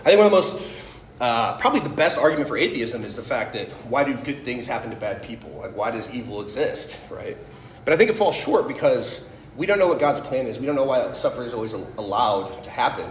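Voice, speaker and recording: A man's voice: mid-range voice, very animated, fast talker, slight background noise. Chatty man in his thirties, echoey hall. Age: 30s. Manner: conversational, storytelling, frequent "like" and "right?". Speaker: speaker giving a faith talk. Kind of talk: personal testimony talk.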